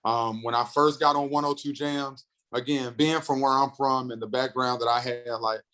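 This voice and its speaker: Guesting on a podcast, a North Carolina man in his thirties, a comedian and radio host, tells stories in a casual interview. His mid-pitched delivery is animated: quick bursts when he's excited, and acted-out voices for everyone he quotes. The sound quality is poor.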